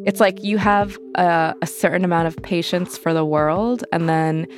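A woman's voice: on the low side, fairly even intonation, moderate pace, over music. A young adult woman telling her personal story as an interview guest, candid and conversational, full of fillers. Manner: conversational, many fillers, acts out quoted voices.

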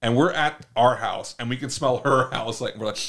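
A man's voice: mid-range voice, moderate pace, a crowd in the background. A man co-hosting a casual chat podcast, telling funny food stories with lots of swearing and laughter. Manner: animated storytelling, swears often, laughs a lot. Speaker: podcast co-host.

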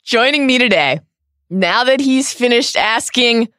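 A woman hosting a podcast, giving the intro in an upbeat, brisk announcing manner with casual banter. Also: on the high side, lively intonation, sharp tone, smooth, no echo, clean studio sound. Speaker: podcast host.

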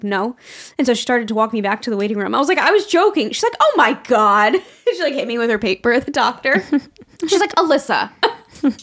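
Animated young woman telling a story. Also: medium pitch, vocal fry. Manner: animated, acts out quoted people in raised voices, laughs often. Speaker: podcast co-host. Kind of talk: casual storytelling chat.

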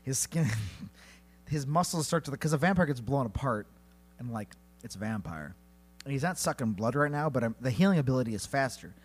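Animated man spinning a comic story. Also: a little fast, slightly rough. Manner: animated, jumps into high silly voices for characters. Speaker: podcast co-host. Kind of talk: comedic storytelling banter.

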